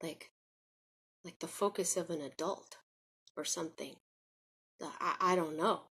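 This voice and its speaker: A woman with a slightly low voice speaks to her camera about her own life. She drifts and circles back, restarting sentences and leaning on fillers. Her tone stays earnest and confiding. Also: a little slow, fairly bright tone, slightly rough. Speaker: vlogger. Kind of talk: personal spoken reflection.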